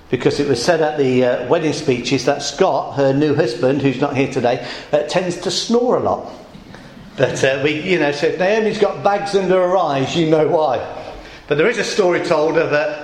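Guy preaching, voice a bit high, chatty, lots of room echo. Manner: conversational, asks the congregation questions. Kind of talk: sermon. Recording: echoey church room.

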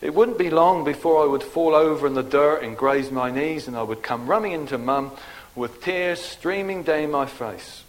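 An older man from England gives a funeral sermon in a gentle, deliberate preaching manner, letting his voice drop softly on key words. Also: on the high side, low-quality recording. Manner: slow, gentle, deliberate preaching with soft drops in volume. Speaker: minister at a funeral.

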